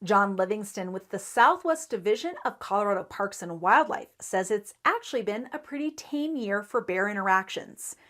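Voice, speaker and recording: A woman reporter narrates a local news segment in a steady, measured way. Her voice sits in an ordinary middle pitch and keeps a scripted newsreader cadence throughout. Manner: measured, even newsreader delivery.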